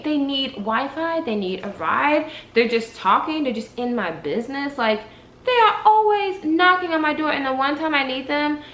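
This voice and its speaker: A young woman vlogger telling a story casually, with animated, dramatic delivery. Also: high voice, reverberant, poor audio.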